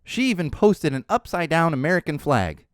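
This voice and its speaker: A man hosting a podcast, giving opinionated political commentary in an animated, ranting way and swearing freely. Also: mid-range voice, normal speed, no room sound, studio quality. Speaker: podcast host.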